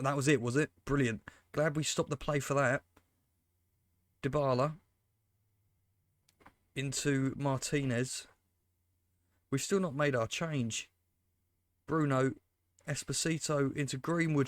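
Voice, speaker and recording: A man's voice: on the high side, slow pace, pauses often, no room sound. A man giving casual, exasperated, sarcastic commentary on his football management game and talking to his viewers. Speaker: gaming commentator. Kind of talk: casual let's-play commentary.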